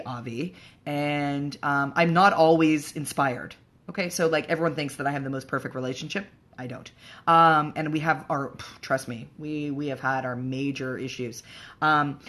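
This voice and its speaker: A woman's voice: low voice, a bit bright. A woman hosting a casual livestream chat for moms, frank and profane, rambling along with plenty of fillers. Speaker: host of a live show for moms.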